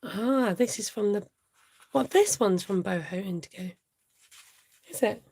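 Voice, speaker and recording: Woman, craft stream host, mellow voice, chatty and self-talking, casual live demo. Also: medium pitch, measured pace, husky. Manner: chatty, thinks aloud, greets viewers, often laughs.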